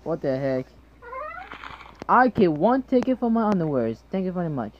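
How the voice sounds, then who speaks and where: A woman's voice: fairly low pitch, big pitch swings, normal speed, highs cut off, slight background noise. A young woman playing a horror game, swearing and screaming whenever something startles her. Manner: jumpy, swears and screams at scares. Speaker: gamer.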